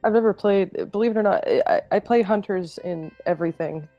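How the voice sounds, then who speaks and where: A woman's voice: mid-range voice, a little fast, lo-fi sound, faint music behind. A woman playing in a tabletop game, apologetic and self-deprecating as she asks for help. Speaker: player. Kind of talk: casual tabletop game chat.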